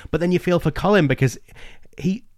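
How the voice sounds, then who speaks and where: A man's voice: high voice, a little fast, darkish tone, no room sound, clean studio sound. A man co-hosting a casual book discussion, who talks with enthusiasm and often restarts his sentences. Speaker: podcast co-host.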